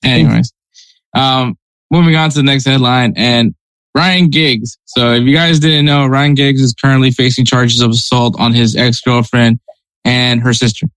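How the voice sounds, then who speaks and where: A man's voice: medium pitch, steady tone, normal speed, fairly bright tone, smooth, no echo, poor audio. A man hosting a podcast, talking through news headlines in a conversational, hedging way. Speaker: podcast host.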